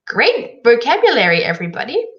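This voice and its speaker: A woman teaching an online English lesson, explaining words clearly and encouragingly. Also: on the high side, wildly swooping pitch, a little fast, a bit bright, dull audio.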